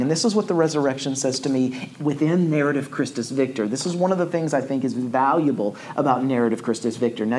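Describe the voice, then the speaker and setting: A man's voice: medium pitch, darkish tone, a little hiss or hum. A man preaching a sermon, building to emphatic, rising oratory.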